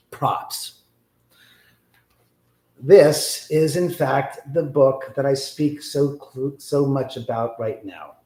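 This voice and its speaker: A man hosting a live stream, telling a rambling, animated story and swearing freely. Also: fairly high pitch. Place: in a house. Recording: roomy echo.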